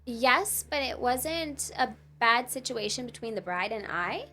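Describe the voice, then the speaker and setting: Young woman guest, bubbly and giggly, rambling, slightly high voice. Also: lively intonation, a little slow, bright, forceful tone. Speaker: guest, makeup artist. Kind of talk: casual podcast chat.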